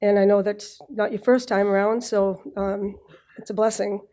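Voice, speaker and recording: Her voice sits at medium pitch, dark in tone, level, and at normal speed. She's a Boston-accented Massachusetts graduate giving a prepared commencement speech to a live audience. Nerves show a bit as she clears her throat now and then, and she drops joking asides along the way.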